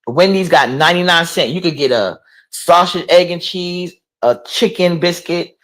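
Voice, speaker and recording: A woman's voice: on the low side, normal speed, fairly bright tone. Gossipy New woman in her forties. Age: 40s. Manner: gossipy, incredulous, talks back to chat. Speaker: livestream host. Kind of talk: casual livestream chat reading comments.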